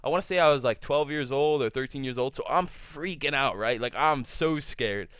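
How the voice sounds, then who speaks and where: A man's voice: mid-range voice, moderate pace, fairly bright tone, clear, resonant tone, dry recording. A young man vlogger telling a casual storytime tale, rambling with lots of "like" fillers and plenty of swearing. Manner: rambling, full of "like" fillers, profane. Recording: dull lo-fi sound.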